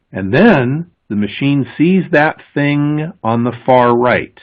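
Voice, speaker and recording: A man giving a conference presentation, explaining with emphasis and pausing before key words. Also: medium pitch, lively intonation. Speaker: conference speaker. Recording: thin, phone-like lo-fi audio.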